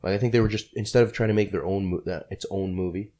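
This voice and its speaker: Young male co-host, deep voice, fast, jokey banter. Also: fairly even intonation, warm tone. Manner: joking, quick banter, slips into mock accents. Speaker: podcast co-host. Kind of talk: casual chat among friends.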